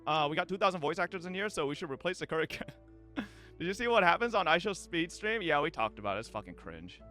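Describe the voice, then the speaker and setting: A male streamer rants to his chat in a high, bouncy voice that swings all over. He is profane and quick to laugh, and his tone is bright and forceful. Faint music plays underneath. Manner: animated, profane, laughs often, addresses chat. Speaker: streamer reacting to clips. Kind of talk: casual live-stream commentary.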